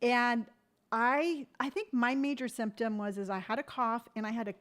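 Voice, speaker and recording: A woman's voice: on the high side, steady tone, normal speed, fairly bright tone. A woman in her fifties hosting a casual morning live stream, chatty and rambling, greeting viewers by name. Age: 50s.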